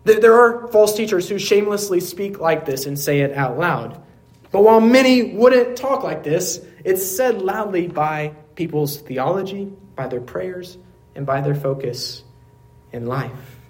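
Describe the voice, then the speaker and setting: A man pastor preaching a sermon in a church service, earnest, asking rhetorical questions and dropping to quiet emphasis. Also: on the high side, expressive, unhurried.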